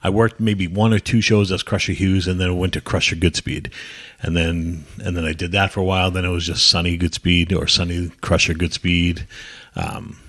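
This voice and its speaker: A low-pitched man from New England recounts his old wrestling days as a podcast guest. He rambles through blunt, profane anecdotes, jumping into other people's lines as he goes. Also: little pitch movement, normal speed, fairly bright tone. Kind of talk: casual storytelling interview.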